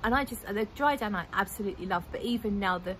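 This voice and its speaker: A woman's voice: medium pitch, fast, fairly bright tone, a little hiss or hum, poor audio. A woman, chatting casually and enthusiastically as a fragrance vlogger, rambling a little as she goes. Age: 40s. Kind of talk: casual chat.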